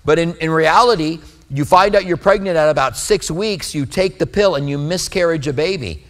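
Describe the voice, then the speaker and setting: Male pastor, sermon delivery, somewhat high pitch, earnest and conversational. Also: moderate pace, a bit bright. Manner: earnest, conversational preaching with scripture readings.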